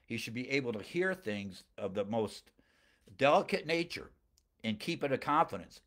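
A man preaching through a Bible passage at a middle pitch, reading the old wording aloud and then retelling it in casual everyday terms. He often pushes his voice up in pitch and volume to stress a point, and drops into chuckling asides and personal stories. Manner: reads scripture aloud, then paraphrases it in plain speech; animated, often rising in pitch and volume for emphasis. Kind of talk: expository Bible sermon.

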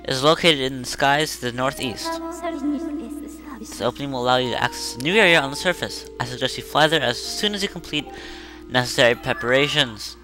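A man's voice: medium pitch, a little fast, over music, lightly acted. A man voicing a spirit companion from a video game, reading its formal directions in a matter-of-fact way.

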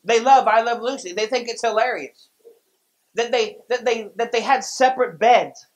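A man preaching a sermon as pastor, telling stories with lively delivery and frequent restarts. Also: very high voice, normal speed, low-quality recording. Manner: storytelling, lively, many restarts.

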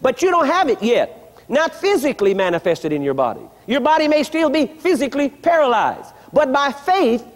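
A man's voice: very high-pitched, big pitch swings, normal speed. A man preaching a sermon in a large church, teaching emphatically and firing repeated questions at the congregation. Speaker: pastor. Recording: long reverb of a large hall.

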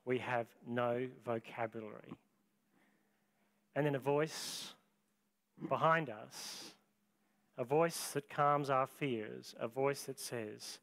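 A man, preaching a sermon as pastor, with dramatic, deliberate storytelling and long pauses. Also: medium pitch, a bit bright.

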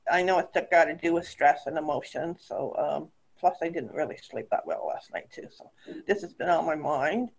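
A woman's voice: lowish voice, creaky. A woman speaks up on a group call about her recent struggles. She rambles, sounds emotional, and breaks into laughs between her thoughts. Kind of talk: personal sharing.

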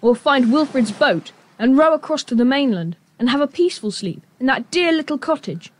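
A woman's voice: high-pitched, moderate pace. A woman voicing Julian, a sensible boy who leads the group, in an audio drama. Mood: weary. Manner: calm, reassuring, gently teasing.

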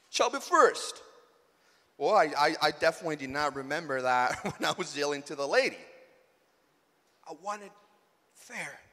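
A man giving a school chapel sermon, telling a personal story in an animated way and acting out the dialogue. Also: a little high. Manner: animated, acts out dialogue, rising to near shouts. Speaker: chapel speaker. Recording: echoey hall reverb.

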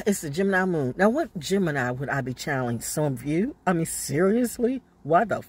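A man's voice: a little high, very animated, normal speed, breathy edge. A man in a car rambling through a casual, blunt monologue, swearing freely and laughing now and then. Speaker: spiritual vlogger. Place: inside a car.

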